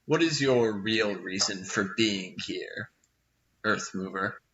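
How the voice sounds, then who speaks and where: A man playing a gruff, distrustful guard who questions in a measured, mocking way. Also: on the low side, bright, forceful tone, dull audio, slight background noise, voice pushed down, heavily acted. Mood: stern.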